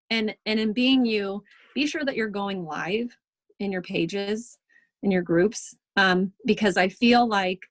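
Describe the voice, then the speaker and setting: A woman's voice: mid-range voice, no room sound. Chatty reassuring woman on a dry call. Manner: chatty, reassuring, many ums and likes. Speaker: team leader in direct sales. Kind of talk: casual training talk on a video call.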